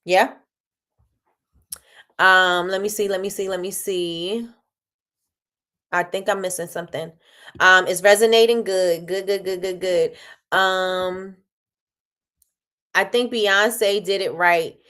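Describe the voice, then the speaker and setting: A woman's voice: mid-range voice, takes it slowly, long pauses. Woman, livestream host, casual business chat, repeats herself, greets chat viewers. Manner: animated, repeats phrases, reads chat aloud.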